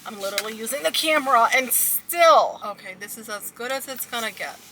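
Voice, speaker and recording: A woman's voice: fairly high pitch, expressive, brisk, noisy background. A woman vlogger chatting casually and upbeat to her viewers, calling them guys, while out on a walking trail. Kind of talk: casual vlog chat. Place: outdoors on a trail.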